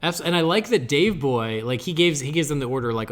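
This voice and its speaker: A man co-hosting a podcast in casual chat, enthusiastically recounting scenes and giving quick agreement. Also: a little high, expressive. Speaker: podcast co-host.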